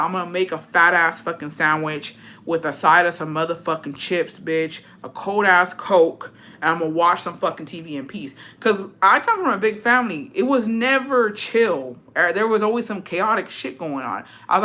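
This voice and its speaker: A woman's voice: on the low side, pushed and bright. A woman telling a personal story on a livestream in casual, profane chat, answering comments bluntly. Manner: profane, blunt, frequent "bitch" tags. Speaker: livestream host reading chat.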